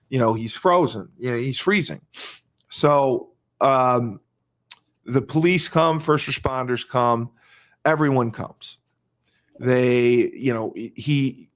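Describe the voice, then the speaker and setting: A man's voice: mid-range voice, slow, a bit bright. A male podcast host retelling a crime case in casual talk, emphatic, repeating phrases and restarting often.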